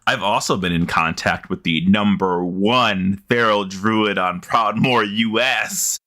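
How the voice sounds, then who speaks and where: A man co-hosting a casual gaming podcast from home, excitable, often gasping and laughing. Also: fairly low pitch, slow. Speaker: podcast co-host. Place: home, sitting beside co-host.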